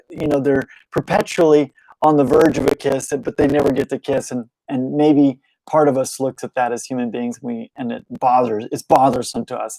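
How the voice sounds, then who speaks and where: A man's voice: medium pitch, mellow, no room sound, rough recording. A young man hosting a loose, unscripted show at home, rambling and correcting himself as he goes and chuckling often. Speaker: podcast host. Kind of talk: casual unscripted monologue. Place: home room, lit with a clamp light.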